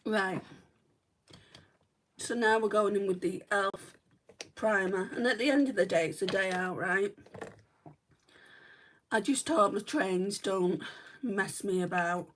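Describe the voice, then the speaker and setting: During a makeup livestream, a northwest England woman with a northern accent chats and rambles as a beauty vlogger, filling her talk with "right" and "like". She takes it slowly with long pauses in a medium-pitched voice; the mic is distant and there's slight background noise.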